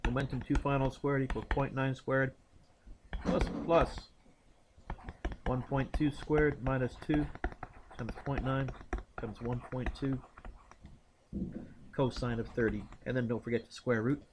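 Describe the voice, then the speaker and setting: Amid background noise, a male physics teacher reasons aloud through a momentum problem and quizzes his students by name. He speaks at a measured pace with frequent pauses, in a medium-pitched voice with fairly even intonation.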